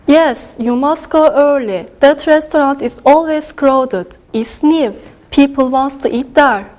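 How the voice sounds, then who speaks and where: Woman student, high voice, plain simple phrasing. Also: takes it slowly, darkish tone. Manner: simple, helpful answers. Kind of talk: classroom practice dialogue.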